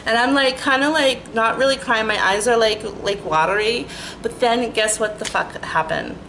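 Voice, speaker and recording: A middle-aged woman telling a rambling, animated story in a casual vlog, full of "like" and restarts. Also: fairly high pitch, normal speed, slight background noise, poor audio. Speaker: storytelling vlogger.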